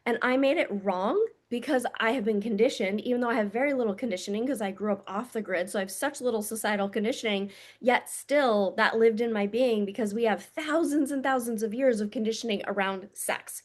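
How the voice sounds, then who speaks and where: A woman with a fairly high voice speaks straight to camera as a spiritual coach. She talks in a frank, blunt way, swears freely, and addresses her listeners intimately as "my loves". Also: fairly quick. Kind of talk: casual monologue to camera.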